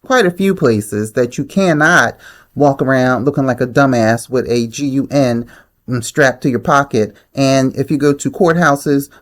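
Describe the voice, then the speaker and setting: A woman's voice: extremely low pitch, measured pace. A woman hosting her own channel, giving blunt, opinionated commentary on the news in a casual way. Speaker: channel host.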